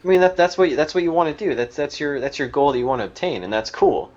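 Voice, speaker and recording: A man's voice: a little high, fast, darkish tone. A man co-hosting a casual gaming podcast, rambling and hesitant as he asks questions. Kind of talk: casual chat. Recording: dull lo-fi audio.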